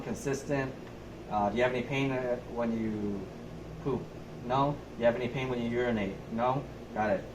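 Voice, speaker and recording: A young adult man, a nurse, talking through a physical assessment step by step in a methodical way. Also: medium pitch. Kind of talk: narrated skills demonstration. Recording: echoey room, faint background noise.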